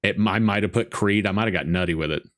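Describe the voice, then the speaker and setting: Male co-host, slightly low voice, loose joking movie-chat delivery. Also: quick pace, a bit bright. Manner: rambling, joking storyteller. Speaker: podcast co-host. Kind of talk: casual movie-watch commentary.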